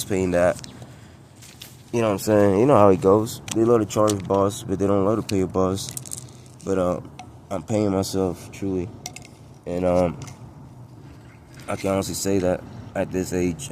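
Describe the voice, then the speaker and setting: A man's voice: low voice, a little mellow, slight background noise. A man talking casually to his camera outdoors by a condo pool, boastful and full of street slang, chuckling as he goes. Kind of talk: casual vlog monologue.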